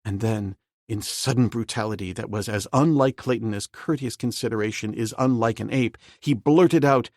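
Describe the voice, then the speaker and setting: A man reading a novel aloud as an audiobook narrator, in a steady, measured way. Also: mid-range voice, no echo, studio quality.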